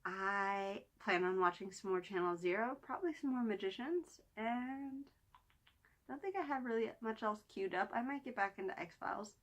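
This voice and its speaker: At normal speed and in a mid-range voice, a woman hosts a casual weekly vlog reviewing TV. She chats enthusiastically in a rambling way, restarting and filling gaps, and sometimes nearly whispers.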